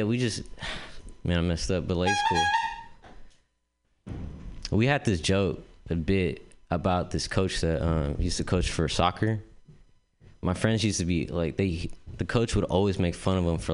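A man's voice: low-pitched, smooth. A young man doing stand-up, telling a rambling, profane story full of "like" and "dude". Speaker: stand-up comedian. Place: comedy club stage.

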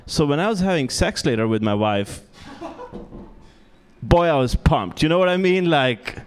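A man's voice: fairly high pitch, animated, moderate pace, pauses often, clean tone. A young man performing a stand-up comedy set on a club stage, self-deprecating and stumbling over restarts. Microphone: handheld stage mic.

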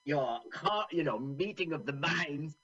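A man's voice: fairly high pitch, expressive, a little slow, bright, forceful tone, muffled recording, heavily acted. A man doing an impression of a pompous British army officer, with a posh English accent and a clipped, haughty manner. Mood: snooty.

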